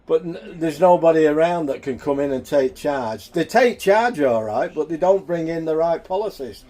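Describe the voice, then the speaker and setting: A man's voice: a little high, normal speed, warm tone. A man, chatting casually in a home cooking vlog, rambling and down to earth. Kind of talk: casual chat.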